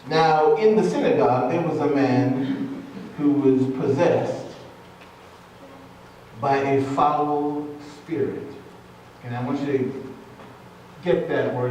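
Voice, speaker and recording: A man preaching a sermon as pastor, speaking deliberately and emphatically and repeating key words for weight. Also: mid-range voice, darkish tone, slight background noise. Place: church sanctuary. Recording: echoey church hall, voice from a distance.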